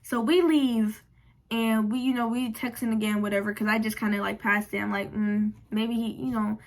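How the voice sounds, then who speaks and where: A young woman vlogger telling a storytime in a casual, animated, slangy and frank way. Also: fairly high pitch, moderate pace, creaky.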